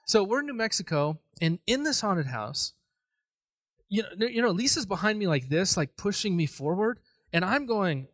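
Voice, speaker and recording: A man preaching a sermon, telling a personal story in an animated, self-deprecating way. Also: high-pitched, normal speed, no echo. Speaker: pastor.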